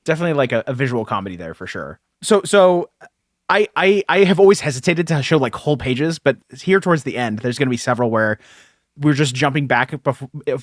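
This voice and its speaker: Seorang pria membawakan podcast bersama, mengobrol santai tentang komik, sering tertawa dan cepat menyetujui lawan bicaranya. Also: male voice, medium pitch, no room sound, studio quality. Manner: chatty, laughs often, eager agreement. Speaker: podcast co-host. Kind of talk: casual comic book discussion.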